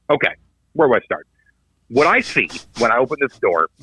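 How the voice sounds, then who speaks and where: A podcast co-host in his thirties spins a rambling, profane anecdote with a swooping, expressive delivery, slipping into the voices of everyone he quotes. The sound is dull and lo-fi. The room is dead dry. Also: fairly high pitch, no room sound. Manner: animated storyteller, swears a lot, acts out quoted voices. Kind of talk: casual chat.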